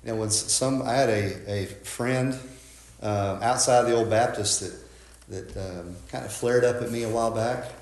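A man's voice: mid-range voice, steady tone, moderate pace, a little mellow, echoey room. A man preaching a sermon as a pastor, conversational and folksy, often asking "right?" and restarting his words.

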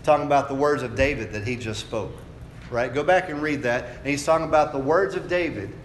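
A man's voice: medium pitch, fairly quick, slight background noise. A man preaching a sermon in an echoey hall. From United States. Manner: conversational teaching that builds to raised, fervent preaching. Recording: echoey room with faint ambience.

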